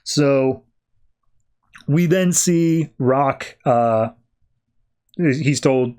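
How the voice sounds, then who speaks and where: A man hosts a casual podcast, recapping a comic's plot in an easygoing, animated way. His voice sits in a middle range, and he keeps slipping into brief, lively character voices as he goes. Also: medium pitch. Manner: animated, slips into quick character voices while retelling. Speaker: podcast host.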